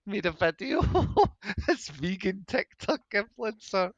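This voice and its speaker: A man's voice: high voice, big pitch swings, takes it slowly, lo-fi sound. A young Scottish man co-hosting a podcast in casual chat, swearing freely, laughing often and acting out quotes. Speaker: podcast co-host.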